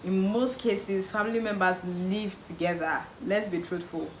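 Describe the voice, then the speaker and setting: Giving laid-back advice to the camera, a young Nigerian woman talks in a mid-range voice without hurrying, her Nigerian accent clear. She animatedly acts out relatives' remarks and repeats words for emphasis, and the echoey room has faint background noise.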